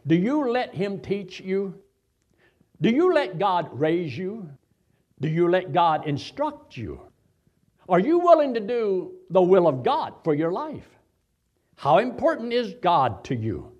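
Man, pastor preaching a sermon, high voice, very lively pitch, dramatic swings in loudness.

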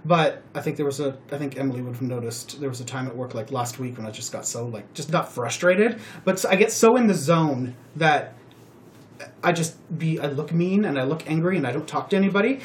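A man hosting a podcast, telling personal stories in a rambling, animated way with many fillers. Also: a little high, fairly quick, slight background noise. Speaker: podcast host. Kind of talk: casual chat.

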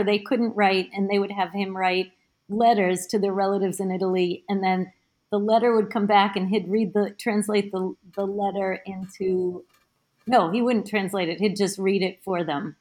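Woman, podcast guest, mid pitch, chatty, halting explanations, on a remote call. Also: steady tone, a little mellow. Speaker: guest, teacher of Italian studies. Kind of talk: casual podcast chat.

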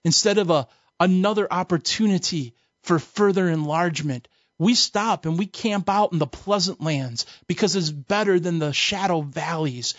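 A man's voice: high-pitched, lively intonation, unhurried, no echo. A man giving a sermon-style Bible teaching lesson, emphatic and colloquial, weaving in stories. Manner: emphatic, colloquial preaching with storytelling. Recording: dull, dry recording.

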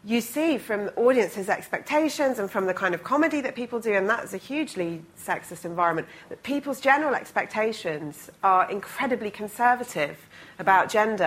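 A woman's voice: medium pitch, fairly bright tone, husky, rough recording. A woman stand-up comedian speaking as a panel guest, thoughtful, with hesitant starts. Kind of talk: studio panel discussion.

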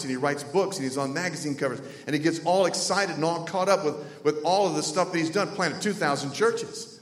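Preacher man in an echoey hall. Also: on the high side. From North Carolina. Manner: emotional storytelling, swinging from loud exclamations to hushed near-whispers. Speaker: pastor. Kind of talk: sermon. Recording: echoey hall with long reverb.

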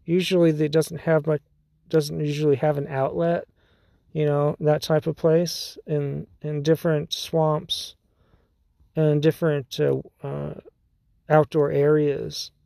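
A man's voice: a little high, little pitch movement, takes it slowly, creaky, warm tone, dry recording, clean studio sound. A man hosting his own podcast, talking in a rambling, casual monologue with frequent laughs and restarts. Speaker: podcast host.

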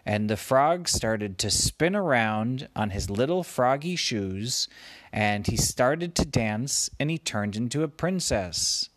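Man telling an improvised bedtime story, unhurried, lively lilt, dry close mic. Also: mid-range voice, dry recording. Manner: meandering, gently playful.

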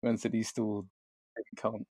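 A man's voice: fairly low pitch, monotone, a little slow, warm tone, dry recording. A man, chatting casually, teasing and restarting his sentences. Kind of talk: casual chat.

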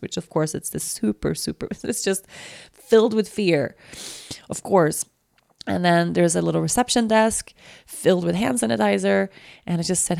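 Woman, lots of vocal fry, low voice, rambling anxious storytelling, dry close sound. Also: darkish tone, dry recording. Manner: rambling, with many restarts and "like"; anxious and shaken. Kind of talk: personal storytelling.

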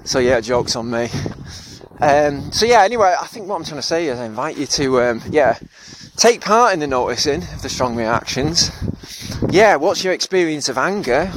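A man's voice: medium pitch, animated, moderate pace, slight background noise. Reflective man, thoughtful and self-deprecating. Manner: thoughtful and self-deprecating, with frequent laughs and fillers. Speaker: podcast host and therapist. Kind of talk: reflective solo podcast monologue.

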